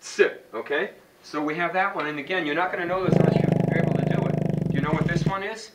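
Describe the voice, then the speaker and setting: Picked up by a distant mic over faint background noise, this classroom lesson features a man whose voice is a little high and whose pace is quick. He shows the class how to read chant notes, singing short examples and quizzing students by name.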